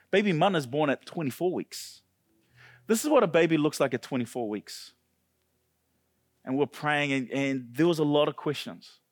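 A male pastor preaching a sermon with passion, often climbing to loud, high peaks. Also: dry recording. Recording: dry close sound with faint music.

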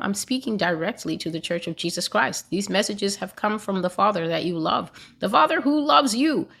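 A woman's voice: on the low side, gravelly, a bit bright. A woman hosting her own prophecy channel, preaching earnestly with a repetitive cadence. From United States. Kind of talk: spoken sermon to camera.

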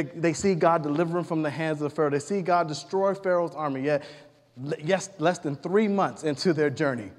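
A man with a fairly high voice preaches a sermon in relaxed, everyday speech, slipping into the voices of the characters as he tells the stories. His words ring out with a long reverb, as if spoken in a large hall. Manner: retells scripture casually, acting out the characters' lines.

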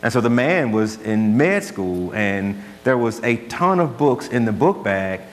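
A man's voice: medium pitch, very animated, a little slow. A man preaching a sermon as pastor, earnest and conversational, telling stories to make his point. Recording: long hall reverb, faint hum.

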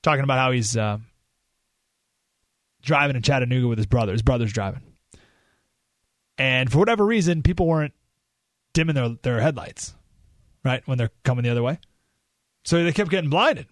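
A man hosting a talk radio show, telling a story in an animated way and jumping his voice up when he acts out what people said. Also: medium pitch, brisk, long pauses, no echo, clean studio sound.

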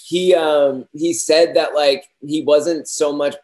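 A man's voice: a little high, steady tone, takes it slowly, a little mellow. A man talking casually with friends, rambling with many fillers and laughing at his own stories. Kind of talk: casual podcast chat.

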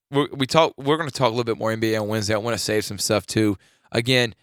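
Sports radio host guy, bright crisp voice, dry close mic, gets loud and preachy about players. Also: medium pitch, no room sound. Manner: opinionated, builds to emphatic rants. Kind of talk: animated sports talk.

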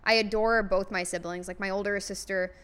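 A woman's voice: mid-range voice, fairly even intonation, brisk, a bit bright, clean tone. A woman talking frankly in a casual podcast chat, with lots of fillers.

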